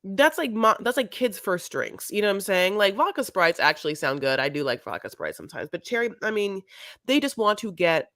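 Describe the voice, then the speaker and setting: A woman's voice: mid-range voice, very animated, a little fast, a bit bright, no echo, studio quality. A woman co-hosting a podcast, recapping a reality show in casual, chatty talk full of "like" and "honey". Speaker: podcast co-host.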